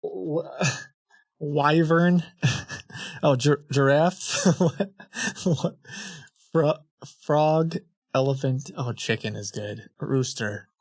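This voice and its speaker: A man hosting a podcast in casual chat, playfully acting clueless and deadpan while prank-calling a scammer. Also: fairly high pitch, drawn-out words.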